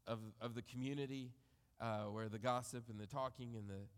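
A man preaching a sermon, reading scripture aloud and reflecting on it in a measured way that trails off softly at the ends of phrases. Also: mid-range voice, fairly even intonation, clean tone, long reverb tail. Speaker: pastor.

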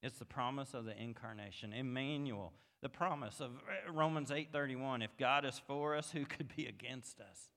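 A man preaching a sermon as pastor, moving from quiet reflection to emphatic, rising passages. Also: medium pitch, moderate pace, creaky, hardly any pauses. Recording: long hall reverb.

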